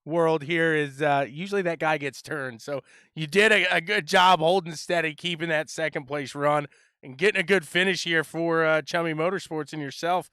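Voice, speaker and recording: A man's voice: fairly high pitch, steady tone, moderate pace, bright, forceful tone, smooth, no room sound. A man interviewing drivers after a race in an upbeat, hyped sports-broadcaster manner. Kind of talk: post-race interview on a sim racing broadcast.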